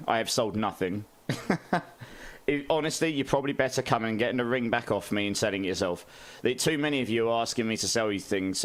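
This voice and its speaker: A man, chatting casually on a game live stream, greeting viewers and laughing often. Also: fairly low pitch.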